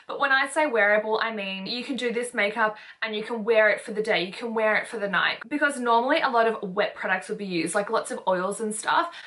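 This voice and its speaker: A woman's voice: mid-range voice, sharp tone. A young woman chatting through a beauty tutorial, bubbly and emphatic, with lots of repeated words for stress. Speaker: beauty vlogger. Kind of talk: casual makeup tutorial talk.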